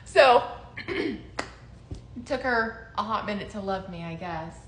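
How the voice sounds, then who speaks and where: A woman's voice: mid-range voice, slow pace. A young woman in casual chat, telling a story with laughter and acted-out quotes. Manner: animated, laughing, acts out quotes. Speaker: co-host telling their story. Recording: roomy echo, faint noise.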